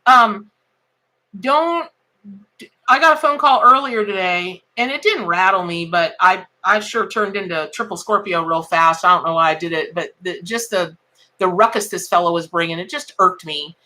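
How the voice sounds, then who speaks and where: A woman's voice: fairly low pitch, normal speed, sharp tone. A woman giving a live tarot reading, chatting folksily with viewers and greeting them by name. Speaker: tarot reader.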